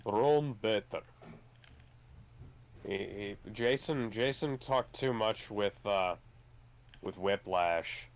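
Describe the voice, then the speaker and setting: A man's voice: on the low side, slow, long pauses. A man in casual let's-play chat, laid-back and riffing along with his co-host.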